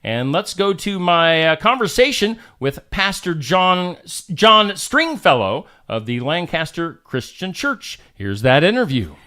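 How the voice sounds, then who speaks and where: A man's voice: fairly high pitch, sing-song, unhurried, few pauses, sharp tone. A man hosting a local morning show, reading weather and sports news and chatting with a guest, laughing easily. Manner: chatty, upbeat, laughs often. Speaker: host.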